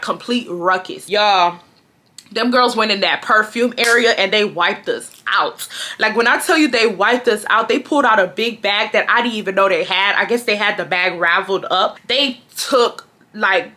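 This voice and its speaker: A woman in her twenties from Texas, telling a casual storytime in an animated, slangy way. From Houston, Texas. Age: 20s. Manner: animated, slangy, swings into high shouted quotes. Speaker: storytime vlogger.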